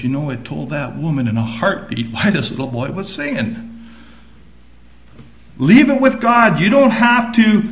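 A male pastor preaching a sermon, swinging from loud emphasis to hushed, quiet asides. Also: high voice, heavy reverb, a little hiss or hum, poor audio.

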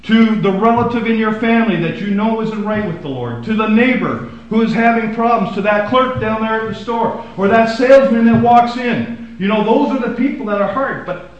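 A male pastor preaching a sermon, swinging from loud emphasis to hushed, quiet asides. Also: high voice, normal speed, heavy reverb, highs cut off.

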